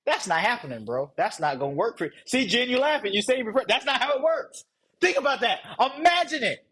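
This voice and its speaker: High-voiced husky man coaching a group. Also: fast talker, low-quality recording. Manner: rambling, joking, chuckles often; animated, rises high when mocking. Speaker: sales coach leading a training program. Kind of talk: casual coaching talk to a live group.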